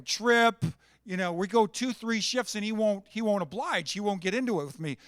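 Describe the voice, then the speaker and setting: A former hockey player tells lively, casual stories, filling them with "you know". His voice is high for a man. The sound is dry and close. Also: no room sound. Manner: animated anecdotes, frequent "you know". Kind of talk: casual storytelling.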